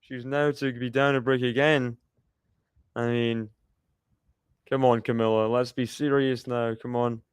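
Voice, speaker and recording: A man's voice: mid-range voice, flat delivery, unhurried, long pauses, clean tone, no echo. Chatty man calling tennis. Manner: chatty, laughs often, cheers on players. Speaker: tennis watchalong commentator. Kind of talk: live play-by-play commentary.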